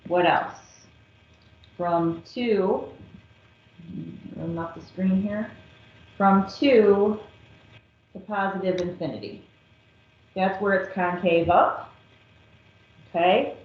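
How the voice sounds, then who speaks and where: Slow-talking woman teaching math. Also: medium pitch. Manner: slow, patient, step-by-step explaining. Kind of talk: recorded calculus lesson. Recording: echoey, dull lo-fi classroom recording.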